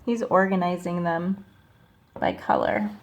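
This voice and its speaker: A woman teacher reading a picture book aloud to children, slow and expressive, stopping to ask them questions. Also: on the low side, noisy background.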